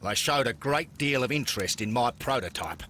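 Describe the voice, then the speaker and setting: Haughty Australian businessman in a game; bright, animated, impatient. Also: medium pitch, normal speed, a little hiss or hum. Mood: brusque. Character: brusque wealthy male businessman engineer. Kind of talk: video game voice acting.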